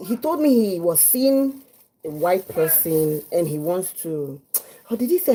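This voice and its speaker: A woman with a Nigerian accent, chatting as a livestream host in her home kitchen, telling a story with lively acted-out quotes. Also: sits low, unhurried, low-quality recording. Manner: lively, acts out quotes, mixes in pidgin.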